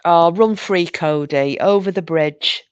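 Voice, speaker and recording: A woman's voice: fairly low pitch, slow, smooth, no echo, muffled recording. A woman telling a story in casual live-stream chat and answering viewers as host. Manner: chatty storyteller, responds to viewers.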